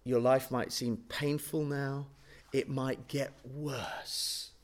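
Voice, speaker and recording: A man preaching a sermon, swinging between booming emphasis and hushed, slowed-down words. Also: flat delivery. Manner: slows and stretches key words for emphasis.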